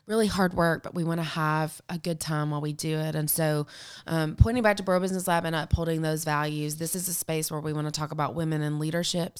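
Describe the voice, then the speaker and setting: Low-pitched hoarse woman. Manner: chatty, upbeat, many fillers. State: hoarse from a lingering cold. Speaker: podcast host. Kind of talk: casual podcast chat.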